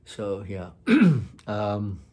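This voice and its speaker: A man casually telling a personal story, rambling and halting with many fillers and restarts. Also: fairly low pitch, huge pitch swings, dark tone.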